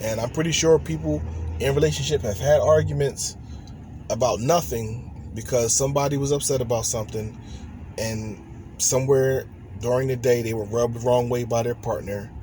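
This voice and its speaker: A man talks earnestly into the camera from a parked car, rambling along with restarts as he gives relationship advice. His voice sits at a middle pitch, and faint car and road noise hums behind him. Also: fairly even intonation, normal speed, darkish tone. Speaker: vlogger giving relationship advice. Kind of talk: casual direct-to-camera talk.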